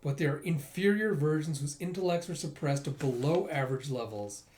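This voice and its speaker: Man as gleeful, taunting mad scientist villain; slightly higher voice. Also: fairly quick, darkish tone, echoey room, slight background noise, natural voice. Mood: cold. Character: cold mocking male mad scientist villain.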